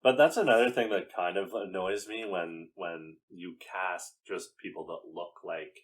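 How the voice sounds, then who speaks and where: A man co-hosting a casual movie review podcast, talking in animated bursts, laughing often and trailing off mid-thought. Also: sits low, unhurried. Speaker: podcast co-host.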